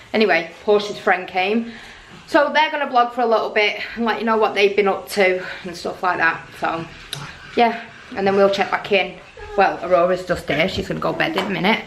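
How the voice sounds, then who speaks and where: Chatty woman vlogging in an echoey room. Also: mid-range voice. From England. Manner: chatty, rambling, talks straight to viewers. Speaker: family vlogger. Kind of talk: casual vlog to camera. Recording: echoey room with background noise.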